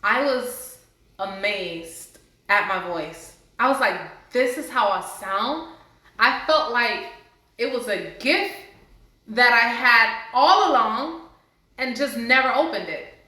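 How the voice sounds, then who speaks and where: A woman's voice: on the high side, lively intonation, slow pace, bright, forceful tone. A woman sitting before a camera, earnestly telling her personal healing story and encouraging viewers. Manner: earnest, heartfelt, faith-based encouragement. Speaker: vlogger sharing a personal story. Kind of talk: casual testimony to camera. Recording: very echoey room.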